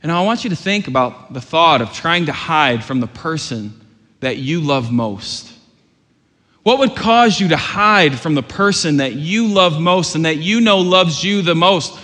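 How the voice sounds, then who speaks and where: Bright-voiced preacher in a reverberant hall. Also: male voice, on the high side, expressive, measured pace. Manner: earnest preaching, rising to loud urgent questions. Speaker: pastor. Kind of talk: sermon.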